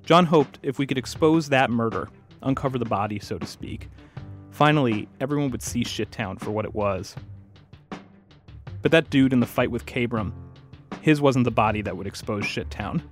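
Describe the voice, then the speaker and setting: Calm man narrating over soft music. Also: mid-range voice, normal speed. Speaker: host and narrator. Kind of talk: scripted narration and interviewing.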